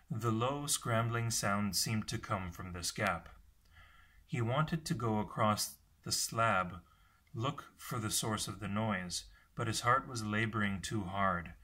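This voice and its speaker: Low, bright-toned man reading a novel. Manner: steady narration with occasional slips. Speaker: audiobook reader.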